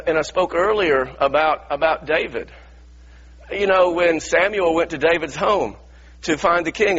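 Impassioned high-voiced male preacher. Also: a bit bright, breathy edge, lo-fi sound. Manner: impassioned, acts out biblical voices. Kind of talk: sermon.

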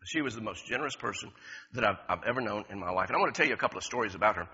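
Preaching very fast in a husky, fairly low voice, a middle-aged pastor tells stories with lots of repeats and frequent chuckles. A long reverb tail trails his words on this dull lo-fi recording.

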